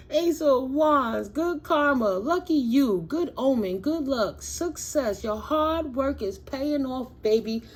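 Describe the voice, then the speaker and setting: A woman tarot reader who reads slow affirmations in a soft voice and then talks in loud, excited slang to her viewers. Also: sits high. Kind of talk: spiritual reading with affirmations.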